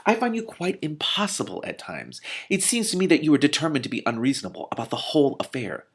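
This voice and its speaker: A man's voice: mid-range voice, very animated, fairly quick. A man voicing an exasperated, proper queen in a storybook reading, snapping at her husband.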